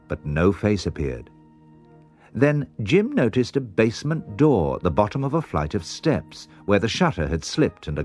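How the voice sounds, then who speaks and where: A man narrating a children's storybook in an expressive, measured way. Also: sits low. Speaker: audiobook narrator.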